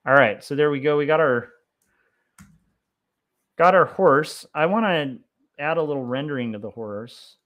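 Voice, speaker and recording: A young man chatting casually on a livestream as he draws comics, rambling with lots of fillers and getting excited about history. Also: fairly high pitch, moderate pace, pauses often. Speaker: comic artist streaming his drawing. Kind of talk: casual livestream chat while drawing.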